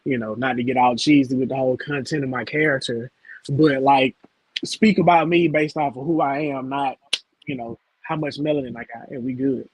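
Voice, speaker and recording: A man's voice: mid-range voice, steady tone, moderate pace, breathy edge, poor audio. A man on a casual panel chat, laid-back and hesitant, often repeating himself as he starts sentences.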